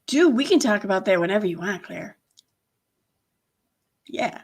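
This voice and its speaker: A woman's voice: mid-range voice, animated, moderate pace, breathy edge. A woman hosting a casual livestream, chatting and reacting with sarcastic, laughing commentary. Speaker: commentary channel host.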